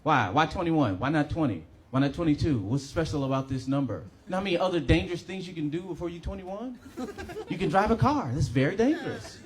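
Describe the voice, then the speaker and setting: A woman's voice: deep voice, animated, darkish tone. A woman in a ranting stand-up bit. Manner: ranting, rapid-fire rhetorical questions. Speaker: stand-up comedian. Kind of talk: stand-up rant. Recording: noisy stage recording.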